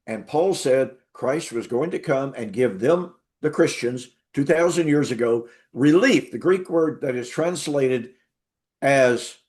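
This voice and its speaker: A man's voice: medium pitch, a little mellow. A man telling his story as an interview guest and Bible teacher, emphatic, repeating words for stress.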